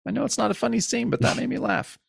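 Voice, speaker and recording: A man's voice: very high voice, sing-song, fast, creaky, husky, no room sound, studio quality. A man co-hosting a casual comics podcast, easygoing and often laughing as he reads panels aloud. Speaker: podcast co-host.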